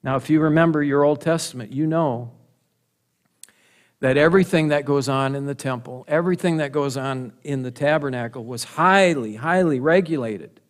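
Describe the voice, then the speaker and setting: A man's voice: a little high, moderate pace. A middle-aged man preaching a sermon, earnest and emphatic, with rhetorical questions and repetition.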